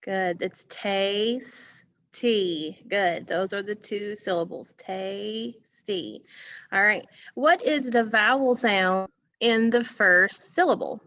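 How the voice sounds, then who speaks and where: Slow, patient woman teaching phonics. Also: mid-range voice, sharp tone, lo-fi sound. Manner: slow, patient, repeats words and asks questions. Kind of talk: online phonics lesson for children. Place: school music room.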